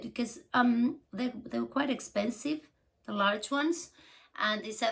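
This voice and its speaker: A woman telling a true crime story in a casual, chatty way, with giggly asides and some vocal fry. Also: fairly high pitch, big pitch swings, moderate pace, low-quality recording.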